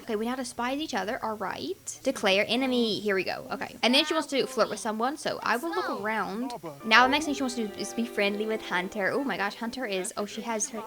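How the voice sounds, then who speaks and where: Young woman, bright higher voice, casual upbeat gaming chat with fillers. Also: quick pace, music in the background. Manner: chatty, upbeat, rambling with fillers and giggles. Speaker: gaming YouTuber. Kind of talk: casual chat while playing a life-sim game.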